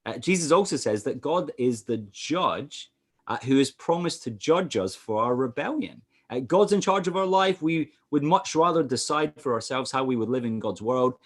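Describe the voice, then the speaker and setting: A Scottish man preaching as a pastor over a video call, animated, with frequent "uh" fillers. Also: medium pitch, moderate pace. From Scotland. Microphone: computer mic on a video call.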